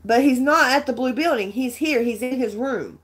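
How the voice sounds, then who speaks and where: Woman, casual live vlogger, rambling earnest storyteller, slightly high voice. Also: moderate pace. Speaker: vlogger chatting with viewers. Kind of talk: casual livestream chat.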